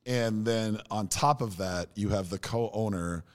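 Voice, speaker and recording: A man's voice: fairly low pitch, unhurried. A man co-hosting a podcast, telling stories in casual chat with enthusiasm. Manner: enthusiastic storyteller, animated. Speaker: podcast co-host.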